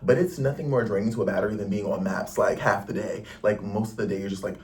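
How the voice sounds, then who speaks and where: A young American man, a travel vlogger, chats casually to camera from inside his Paris lodging in a rambling, slangy way, saying "like" a lot. His voice is fairly low and quick, with fairly even intonation and a darkish tone, picked up by a distant mic.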